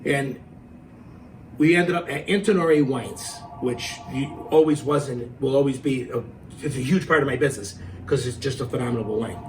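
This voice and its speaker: A middle-aged man telling a story in a casual, animated way, acting out the quotes and laughing as he goes. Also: mid-range voice, moderate pace, far from the mic, faint music behind, poor audio.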